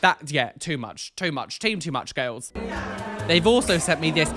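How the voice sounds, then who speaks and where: A man hosting a casual reaction video, talking in an animated, exclamatory way that jumps into squealing highs. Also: unhurried, over music.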